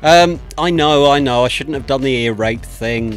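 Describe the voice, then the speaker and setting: Close to a desk microphone, a man hosting a livestream greets viewers one at a time, chatting casually, joking at his own expense and laughing and thanking people often. His voice is fairly high, at normal speed with hardly any pauses, and faint music plays behind him.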